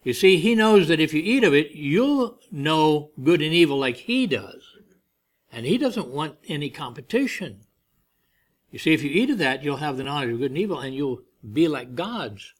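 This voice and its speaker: A man's voice: on the high side, lively intonation, unhurried. A man preaching a sermon, telling a family story and acting out the voices he quotes.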